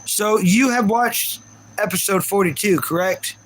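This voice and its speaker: Male streamer, high voice, casual rambling rant to chat, faint background hiss. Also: measured pace, a bit bright, poor audio. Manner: ranting, repeats himself, talks to chat viewers. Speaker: livestream host. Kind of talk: casual live reaction chat.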